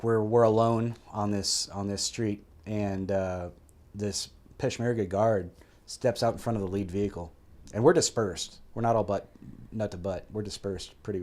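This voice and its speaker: A man guest telling a story in a casual, animated way, swearing freely and acting out quoted voices. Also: lowish voice. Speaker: guest, military veteran.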